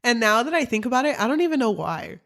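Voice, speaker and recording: A woman's voice: fairly high pitch, very animated, fast talker, fairly bright tone. Frank young woman chatting casually. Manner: candid, frank, swears, uses fillers. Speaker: podcast co-host. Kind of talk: casual chat.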